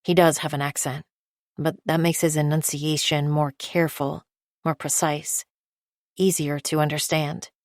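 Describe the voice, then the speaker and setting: Low-voiced woman reading an audiobook. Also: level tone, measured pace, no room sound, clean studio sound. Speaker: audiobook narrator. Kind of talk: first-person audiobook narration.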